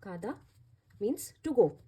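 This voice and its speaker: A woman's voice: medium pitch, very animated, a little slow, mellow, slightly rough. A woman teaching a language lesson, explaining patiently and repeating each step.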